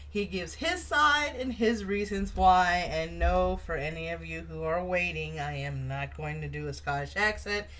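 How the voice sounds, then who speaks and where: A woman's voice: lowish voice, fairly bright tone. A middle-aged woman co-hosting a casual chat show, talking chattily and laughing often. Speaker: co-host.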